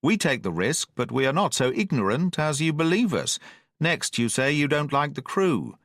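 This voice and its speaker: Man doing a calm sensible doctor, even tempered, asks pointed questions, storybook reading, lively intonation. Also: a little high, dry recording, clean studio sound, heavily acted. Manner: measured, level-headed, probing.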